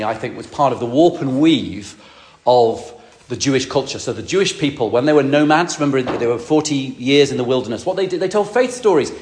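Rambling priest telling a story. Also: male voice, mid-range voice. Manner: rambling, self-correcting storyteller with asides to the congregation. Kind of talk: sermon with personal story.

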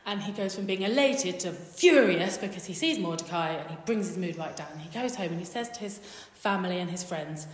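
A woman's voice: on the low side, animated, a little fast. A woman retelling a Bible story in a sermon, chatty and humorous, with wry asides. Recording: echoey hall reverb.

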